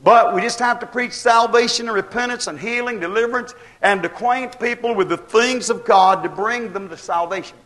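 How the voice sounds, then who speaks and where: A man's voice: high-pitched, normal speed, few pauses, a bit bright. A man preaching a sermon, building emphatic points with rhetorical questions and voiced quotes.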